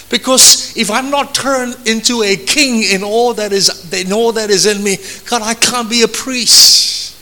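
A man's voice: high voice, steady tone, a little slow, few pauses, bright, forceful tone, a little hiss or hum. A man in his fifties or older, a pastor preaching a sermon to his congregation, earnest and repetitive, hammering phrases home and calling his listeners folks.

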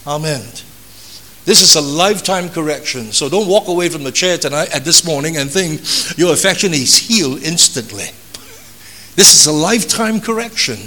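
A high, bright male voice preaching with earnest conviction. He is an older pastor who circles back on his phrases, repeating them for emphasis, and keeps turning to his listeners as folks. His tone stays sharp and ringing throughout the sermon.

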